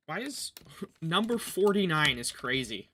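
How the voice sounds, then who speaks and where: A man's voice: on the high side, sing-song, a little slow, sharp tone, slight background noise. Joking man streaming a game. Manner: joking, sarcastic, talks to himself while playing; chewing gum audibly. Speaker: gaming livestreamer. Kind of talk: casual gameplay commentary.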